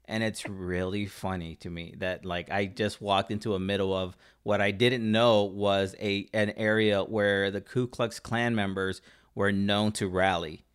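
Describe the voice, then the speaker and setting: A man from Southern California telling a story in casual chat, rambling and halting with many fillers and restarts. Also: fairly low pitch, steady tone, smooth.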